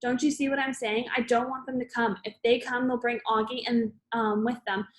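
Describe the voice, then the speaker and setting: A woman reading aloud, voicing a guarded teenage girl who speaks through tears, in a plain voice close to her own and a little high. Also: flat delivery, natural voice. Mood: tearful. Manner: quick, defensive, then soft and tearful.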